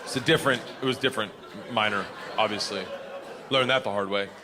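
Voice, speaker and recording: A man doing stand-up comedy, telling a story loudly with laughs and shouted punchlines on a theater stage. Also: lowish voice, brisk, big-room sound, background noise.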